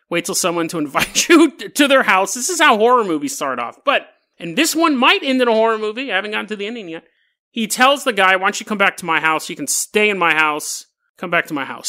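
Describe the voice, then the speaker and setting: A man's voice: high-pitched, pushed and bright. A man hosting a casual storytelling podcast, joking and laughing through wry asides. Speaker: podcast host.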